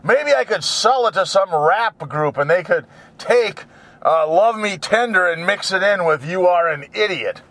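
A man's voice: high voice, lively intonation, unhurried, fairly bright tone, no room sound. A man rambling and singing made-up song lines to himself while driving, in a goofy, self-mocking way. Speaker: vlogger. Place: inside a car.

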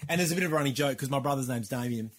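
A man's voice: mid-range voice, very fast, breathy edge. A man co-hosting a casual gaming podcast, easygoing and agreeable. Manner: laid-back, agreeable, laughs along. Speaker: podcast co-host. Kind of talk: casual chat.

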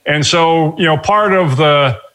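A man in his sixties, a guest telling stories in an interview, talking in a measured way with many pauses and fillers. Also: a little high, fairly bright tone. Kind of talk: reflective interview storytelling.

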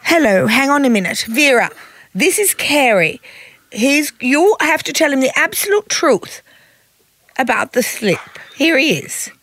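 A theatrical, imperious rich lady, shrill and high with a lively, swooping delivery. Her voice sits dry and close to the mic as she orders people about and dotes on her sweetheart. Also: unhurried, no room sound. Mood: furious, bossy. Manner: imperious, scolding, gushing to her lover. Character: haughty, theatrical rich older woman.

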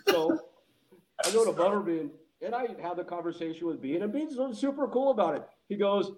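Man, casual podcast storyteller, higher-pitched voice, animated and laughing, acts out the quotes. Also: normal speed, rough recording.

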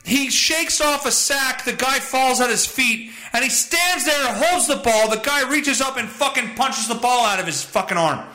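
A man hosting his podcast, ranting casually with lots of profanity and bursts of exasperated shouting. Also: very high-pitched, moderate pace, echoey room. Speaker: podcast host.

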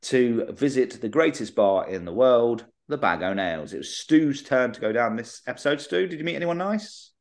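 A man's voice: medium pitch, very animated, moderate pace, hardly any pauses. A young adult man co-hosting a podcast, rambling and hesitant, trailing off mid-thought. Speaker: podcast co-host. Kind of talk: casual chat.

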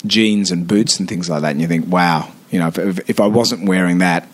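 A man in his fifties with an Australian accent, a radio host chatting as a guest in a podcast studio, telling animated stories with many restarts. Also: deep voice, a little fast. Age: 50s. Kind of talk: casual interview chat.

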